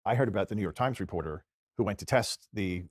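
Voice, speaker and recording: A man in casual conversation, retelling a story in a rambling, animated way. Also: low-pitched, quick pace, breathy edge, dry recording, clean studio sound.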